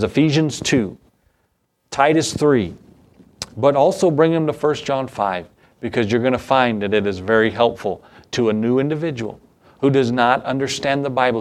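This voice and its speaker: Folksy man preaching a sermon. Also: mid-range voice. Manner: folksy, conversational preaching with light laughs. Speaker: pastor.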